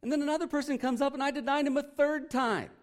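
Pastor putting on a higher-voiced apostle, blunt, rueful, exasperated, telling on himself. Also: male voice, fairly even intonation, fast. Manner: exasperated, self-mocking storytelling.

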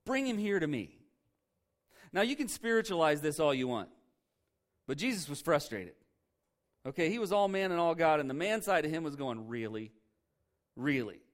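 A man's voice: a little high, lively intonation, a little fast. A male pastor preaching a sermon in a church, emphatic and conversational, throwing rhetorical questions at the congregation.

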